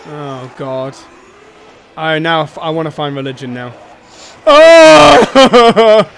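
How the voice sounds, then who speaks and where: A young man streaming a co-op game with friends, excitable and quick to yelp and laugh when things go wrong. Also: medium pitch, slight background noise. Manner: excitable, yelps and laughs in panic. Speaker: gameplay streamer. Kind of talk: co-op gameplay commentary.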